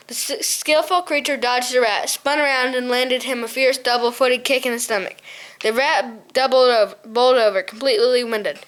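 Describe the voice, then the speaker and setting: A woman's voice: fairly high pitch, steady tone, moderate pace, a bit bright. A woman reading a novel chapter aloud as a storybook narrator, often stumbling and correcting herself. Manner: reads with frequent stumbles and self-corrections. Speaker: audiobook reader.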